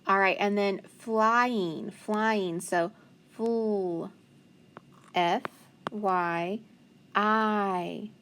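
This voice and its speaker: A woman teacher slowly leading a phonics spelling lesson, patiently sounding out letters and praising answers. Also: medium pitch, steady tone, a bit bright, slight background noise.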